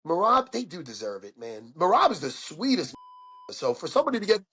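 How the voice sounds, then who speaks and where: A man, a podcast guest, telling stories in an excitable, profane way and acting out the quotes. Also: high-pitched, brisk. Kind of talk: animated storytelling chat.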